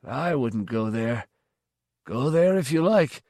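A man's voice: mid-range voice, animated, slow, a little mellow, no echo, clean studio sound. A man voicing a teasing white-haired old village man who speaks in a mock-indignant way.

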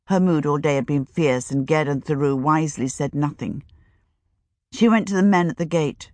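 A woman narrating an audiobook in a measured, even manner. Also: low voice, dry recording.

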